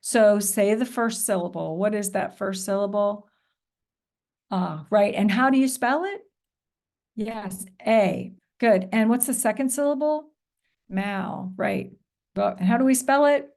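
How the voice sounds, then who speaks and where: A woman's voice: medium pitch, a little slow, darkish tone. A woman presenting a professional development session, modeling patient call-and-response teaching with encouraging praise. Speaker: teacher trainer. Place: recorded presentation.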